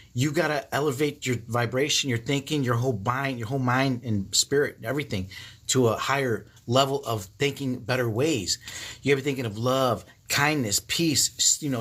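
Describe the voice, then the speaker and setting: A man in his fifties chatting casually on a livestream, telling stories in a profane, animated way with frequent laughs. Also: mid-range voice. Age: 50s. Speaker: livestream host. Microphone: phone.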